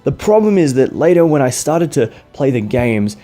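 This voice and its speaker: Enthusiastic man ranting over soft music. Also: mid-range voice, big pitch swings, moderate pace. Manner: enthusiastic, chatty, fan ranting. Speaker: YouTuber. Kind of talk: casual countdown vlog.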